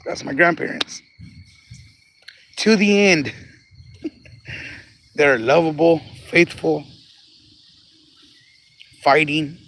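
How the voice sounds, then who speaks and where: A man's voice: on the high side, extremely slow, long pauses, a bit bright, a little hiss or hum. A man on a phone livestream outdoors at a cemetery, telling a personal story casually, laughing often, repeating phrases and getting emotional. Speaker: livestream host.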